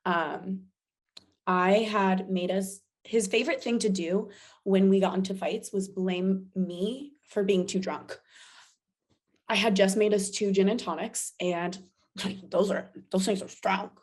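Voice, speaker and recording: A woman guest on a podcast, telling a personal story in animated casual chat, full of "like" fillers. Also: mid-range voice, unhurried.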